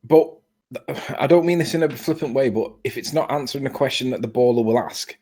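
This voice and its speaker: Man on a call, insistent and stammery, mid pitch, casual debate. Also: a little fast, mellow, husky. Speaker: caller on a live stream. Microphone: video call.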